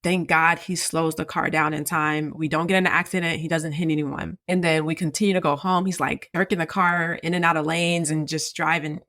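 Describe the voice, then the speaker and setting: Gravelly bright-voiced woman telling her story. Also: deep voice, little pitch movement, brisk, hardly any pauses, dry recording, studio quality. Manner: candid, conversational storytelling. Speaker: podcast guest. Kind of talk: personal story in casual chat.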